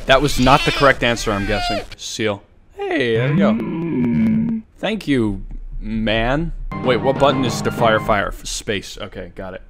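A young man streaming a game, jumping from mutters to excited shouts as he plays. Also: medium pitch, moderate pace. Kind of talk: excitable let's-play commentary. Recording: game music under the voice. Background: game music.

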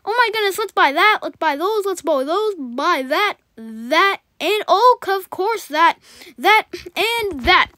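Woman, gameplay host; fast, rambling, excitable, dry close sound. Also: extremely high pitch, no echo. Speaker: gaming channel host. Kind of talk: gameplay commentary.

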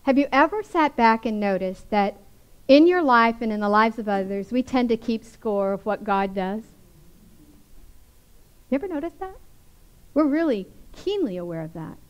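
A woman's voice: fairly high pitch, expressive, normal speed, long pauses, smooth, highs cut off. A woman preacher giving a sermon, reading scripture aloud and then commenting on it in a chatty way, often ending with tag questions.

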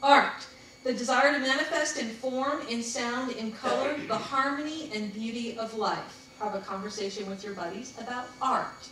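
A woman's voice: fairly high pitch, normal speed, a bit bright. A woman leading a workshop, telling stories with frequent laughs and asking the group to discuss. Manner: chatty, laughing, anecdotal. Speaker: workshop leader. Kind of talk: casual group workshop talk. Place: meeting room with a group. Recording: very echoey room, far from mic, faint background hiss.

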